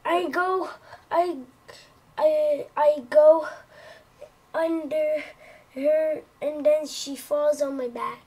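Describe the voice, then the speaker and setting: A woman player in a tabletop game, speaking in a hesitant, halting way. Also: high-pitched, steady tone, mellow.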